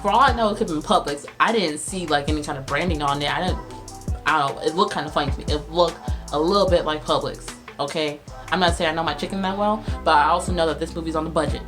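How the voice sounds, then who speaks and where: A woman, recapping a movie on her channel in a sarcastic, animated way. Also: deep voice, quick pace, music in the background. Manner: sarcastic, animated, laughs at her own jokes. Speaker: video host reviewing a movie. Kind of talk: casual comedic movie recap.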